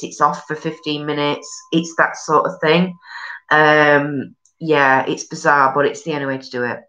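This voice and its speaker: A woman's voice: low-pitched, sharp tone, dull audio. A woman with a Yorkshire accent hosting a casual live stream, chatting bluntly and rambling with sweary northern slang. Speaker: live stream host reading viewer comments. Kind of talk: casual chat.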